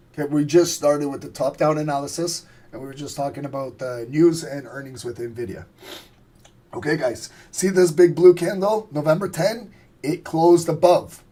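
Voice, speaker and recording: A hoarse man as a trading instructor, casually walking viewers through price charts on a live stream, profane and checking they follow along. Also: a little high, darkish tone.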